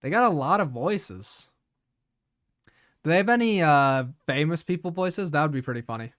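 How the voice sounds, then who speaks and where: A man's voice: on the high side, expressive, normal speed, a bit bright. A man streaming live, chatting casually with his viewers, laughing often and repeating words as he talks.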